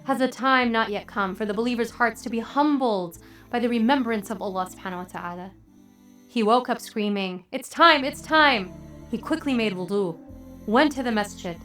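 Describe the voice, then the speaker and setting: A woman religious teacher telling a story in a sermon, earnest and measured, with dramatic pauses. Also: on the high side, soft background music.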